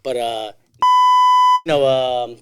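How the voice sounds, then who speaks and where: A man's voice: medium pitch, fairly even intonation, drawn-out words. A man hosting a casual podcast, telling stories animatedly, swearing and laughing often. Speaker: podcast host. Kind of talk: casual chat.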